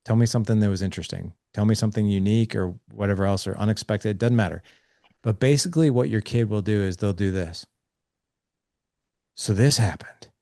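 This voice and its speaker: Energetic low-voiced man giving advice. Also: quick pace, creaky, dry recording, clean studio sound. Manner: energetic, acts out kid and dad dialogue. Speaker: guest on a parenting show. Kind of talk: animated conversational advice.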